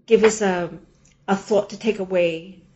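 A woman hosting an interview podcast, speaking in a measured, formal, slightly halting way. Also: medium pitch, steady tone, warm tone. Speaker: podcast host. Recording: dull, lo-fi sound.

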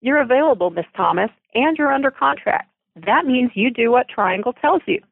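A woman's voice: on the high side, animated, moderate pace, vocal fry, husky, no room sound, pitched above the performer's own voice, full character voice. A woman reading the part of a blunt, matter-of-fact man who runs a film studio, heard over a tinny phone line.

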